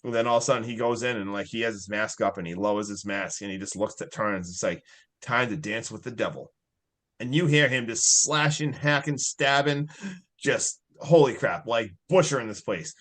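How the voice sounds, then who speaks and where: A man's voice: medium pitch, a little fast, a bit bright. A man co-hosting a podcast, chatting casually and animatedly as he retells movie scenes, with lots of "like". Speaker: podcast co-host. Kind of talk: casual movie review chat.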